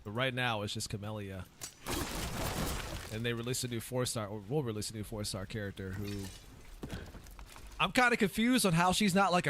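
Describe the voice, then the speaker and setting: A man giving casual let's-play commentary on a fantasy game. His pitch swings widely as he rambles along with plenty of fillers, and a faint hiss sits under his voice. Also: a bit bright. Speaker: gaming YouTuber.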